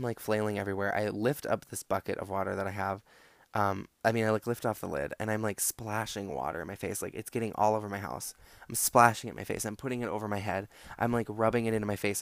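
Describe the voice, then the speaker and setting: A man's voice: fairly low pitch, vocal fry, no echo. A young man hosting a podcast, telling a long casual story in a rambling, profane way full of fillers. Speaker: podcast host.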